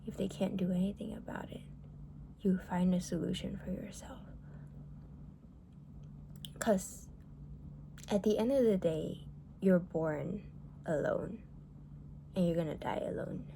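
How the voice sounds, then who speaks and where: Gravelly-voiced woman venting bluntly. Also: on the low side, a little slow, pauses often, warm tone, a little hiss or hum. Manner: blunt, heated, swears often, many "like" fillers. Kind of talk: casual venting monologue.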